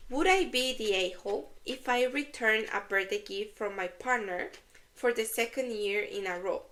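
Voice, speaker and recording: A woman's voice: medium pitch, moderate pace, fairly bright tone. A woman co-hosting a podcast, reading an online story aloud and stopping to laugh and explain words to her partner. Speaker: podcast co-host. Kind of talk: reading and discussing online stories.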